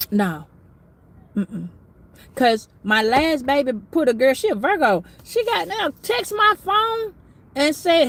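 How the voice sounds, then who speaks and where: A woman's voice: sits high, expressive, slow pace, fairly bright tone. A middle-aged woman giving a casual astrology reading, talking bluntly, preachily and with plenty of swearing. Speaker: tarot reader.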